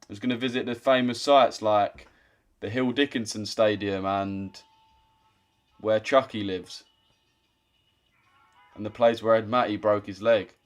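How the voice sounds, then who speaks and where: A man's voice: lowish voice, fairly even intonation, a little slow, long pauses, soft background music. A young man chatting casually on a trading live stream, swearing and teasing viewers. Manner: swearing, banters with chat. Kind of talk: casual live-stream chat reading comments.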